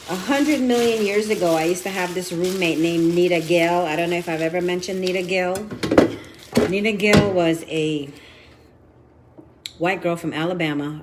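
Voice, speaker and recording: A woman's voice: lowish voice, a little hiss or hum. A woman in her fifties giving a frank, profane confessional vlog. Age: 50s. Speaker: vlogger.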